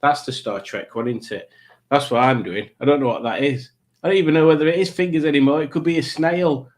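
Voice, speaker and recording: A man's voice: on the high side, a little fast. A middle-aged British man hosting a live chat stream, rambling, self-mocking and easily sidetracked. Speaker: livestream host.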